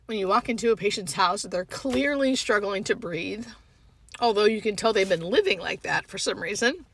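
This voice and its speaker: A woman hospice nurse talking to her phone from her parked car, tearful and fighting back crying, with halting speech full of "like". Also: mid-range voice, lively intonation, creaky, a little hiss or hum. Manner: halting, heavy use of filler "like". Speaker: hospice home care nurse. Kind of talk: emotional vlog monologue.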